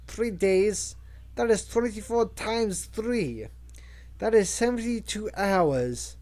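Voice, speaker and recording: A cheeky, talkative male parrot that keeps mimicking film lines and other voices, as a man puts him on. He pitches up a little higher than the narration and keeps a warm, mellow tone. It's a storybook reading. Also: slow pace. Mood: impatient.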